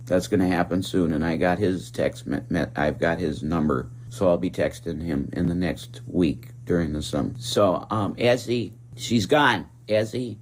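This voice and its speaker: A man's voice: sits low, slight background noise. A man telling a story in a casual vlog, earnest and dramatic, acting out the voices of the people in it. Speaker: vlogger.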